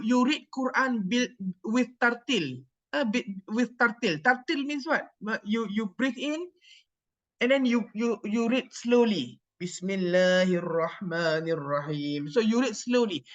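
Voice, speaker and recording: A woman's voice: fairly high pitch, a bit bright, dull audio. A woman lecturer with a Malaysian English accent giving a medical lecture, code-switching, repeating phrases and checking that students follow.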